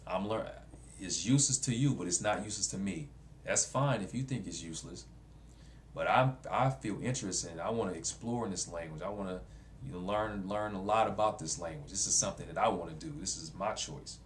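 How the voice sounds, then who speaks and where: A man with a very low voice vlogs in a casual, blunt way and circles back to the same points. His speech carries features. Faint noise sits behind him. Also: brisk. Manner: blunt, repetitive, conversational. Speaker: vlogger. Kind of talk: casual talk to camera.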